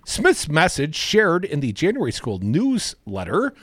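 A man from Madison, Wisconsin holds forth as a talk radio co-host, his voice pitched a little high and bouncing widely as he delivers sarcastic, opinionated asides. He sounds dry and close to the microphone, with no room around him. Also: wildly swooping pitch, measured pace, fairly bright tone, no echo. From Madison, Wisconsin, USA. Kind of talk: casual political talk radio.

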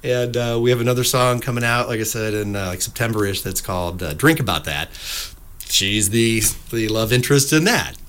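Speaking briskly into a studio mic, a middle-aged musician on a relaxed radio interview rambles through stories packed with fillers. He acts out characters in playful voices, his pitch and volume swinging animatedly, while a little hiss or hum sits under the recording.

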